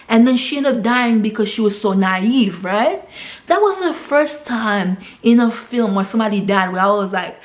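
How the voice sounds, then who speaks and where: A woman's voice: fairly high pitch, expressive. A woman casually retelling a movie plot, acting out short quoted lines and tagging sentences with "right?". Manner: chatty, retells scenes with quick quoted voices, frequent tag "right?". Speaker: vlogger reviewing films. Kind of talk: casual film recap.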